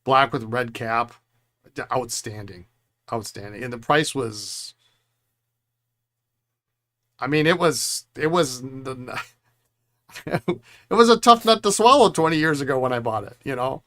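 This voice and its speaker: A man's voice: mid-range voice, lively intonation, unhurried, long pauses, bright, forceful tone. A middle-aged man hosting a pen repair stream, rambling through stories and chuckling often. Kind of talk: casual chat while working.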